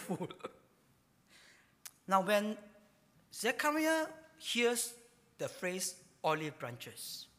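A man's voice: high voice, long reverb tail. A man preaching a sermon, asking rhetorical questions and telling stories with many fillers. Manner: animated storytelling, rhetorical questions, frequent fillers.

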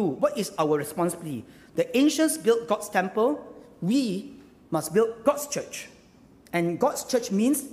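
A male pastor preaches with emphasis, repeating his phrases and pressing the congregation with questions. His voice sits high and swings widely in pitch. It rings with the long reverb of a church hall. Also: a little mellow. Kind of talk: sermon.

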